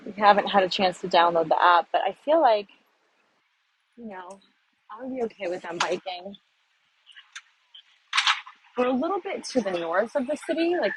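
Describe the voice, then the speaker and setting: A woman's voice: medium pitch, a little hiss or hum, low-quality recording. An American woman vlogging casually while walking city streets, rambling and self-deprecating, recorded on a phone. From United States.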